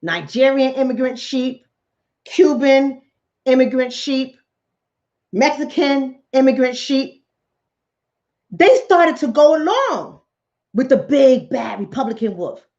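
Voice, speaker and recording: Woman, high lively voice, acts out characters as she tells a fable, slightly dull lo-fi sound. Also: slow pace, long pauses. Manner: animated storyteller acting out characters' lines. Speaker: channel host, relationship coach. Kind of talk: political commentary told as a fable.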